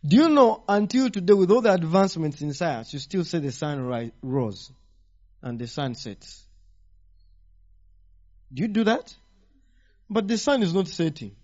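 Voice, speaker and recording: A man preaching a teaching sermon, animated and firing rhetorical questions at the congregation. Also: high voice, measured pace, long pauses. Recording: dull lo-fi sound.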